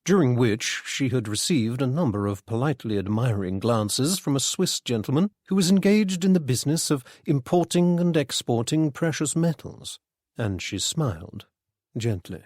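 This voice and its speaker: A man reading a mystery story aloud as narrator, in a measured, even manner. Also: mid-range voice, no room sound, clean studio sound. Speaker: audiobook narrator.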